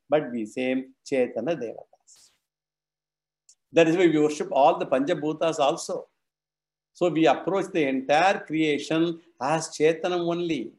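A man's voice: fairly high pitch, darkish tone. A man with an Indian English accent giving a scriptural lecture, asking the class questions and answering them himself. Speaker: Vedanta teacher.

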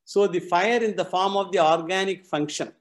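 A man's voice: high-pitched, moderate pace. A man teaching a scripture class, methodically repeating and explaining Sanskrit terms.

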